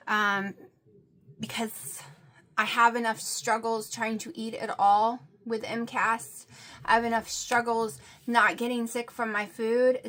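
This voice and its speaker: A woman's voice: on the high side, bright, forceful tone. A middle-aged woman chatting casually to camera at home, rambling with many fillers. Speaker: vlogger. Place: home room with TV on.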